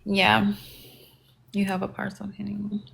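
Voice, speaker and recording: A woman's voice: mid-range voice, monotone, unhurried, gravelly, a bit bright. A woman hosting a live stream, talking casually in a blunt, profane and aggravated way. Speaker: livestream host.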